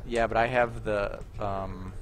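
A man's voice: fairly low pitch, steady tone, takes it slowly. A young man chatting casually while streaming a video game, rambling and joking with lots of fillers. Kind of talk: casual gaming chat. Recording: noisy game audio behind.

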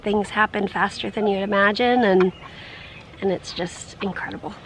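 A woman's voice: mid-range voice, steady tone, moderate pace, a crowd in the background. A woman in her thirties chatting casually with her husband for a vlog, playful and talkative, recorded outdoors by the water. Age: 30s. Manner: chatty, playful, sings in a teasing lilt. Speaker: vlogger. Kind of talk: casual chat.

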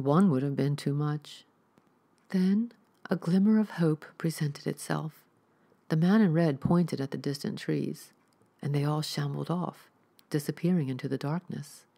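Low gravelly woman narrating horror. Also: dark tone. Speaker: horror story podcast host.

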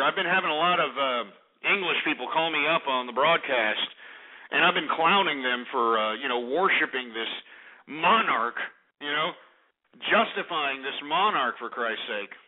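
A man's voice: fairly high pitch, expressive, moderate pace. A man hosting a talk radio show, delivering a sarcastic, rambling rant. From United States. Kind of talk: opinionated talk radio monologue. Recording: tinny phone-like radio line.

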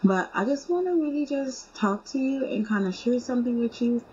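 A woman voicing a nervous, tender young pregnant woman who speaks softly and hesitantly. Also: on the high side, animated, normal speed, natural voice. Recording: slightly muffled with faint hum.

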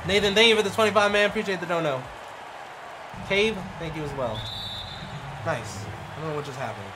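A young man streaming a basketball video game, cursing in frustration and breaking into shouts at the plays. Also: a little high, lively intonation, a little fast, noisy background. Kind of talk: live gameplay commentary. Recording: game music behind the voice.

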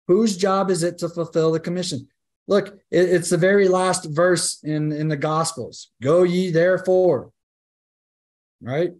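A man leads a Bible class with a voice a touch higher than most men's. He keeps it conversational and emphatic, tossing rhetorical questions to the group and circling back to restate his points. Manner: conversational and emphatic, with frequent "right?" asides and restarts. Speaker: Bible study teacher. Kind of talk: interactive Bible class teaching.

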